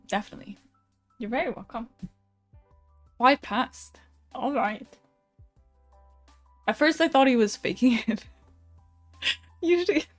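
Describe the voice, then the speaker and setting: Chatty woman streamer, casual and laughing. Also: on the high side. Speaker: streamer giving card readings. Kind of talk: casual live-stream chat with viewers.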